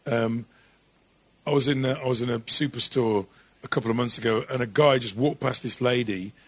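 Middle-aged guy from england, kinda husky, animated storyteller, dry recording. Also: mid-range voice, normal speed, no echo. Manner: animated, slips into voices and laughs while telling stories. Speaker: impressionist guest. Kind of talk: interview storytelling.

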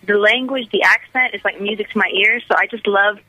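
A woman's voice: medium pitch, brisk, pushed and bright, no echo, highs cut off. A woman from the United States, a musician guest on a radio interview, talking in an enthusiastic, gushing way with lots of restarts. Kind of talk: casual radio interview chat.

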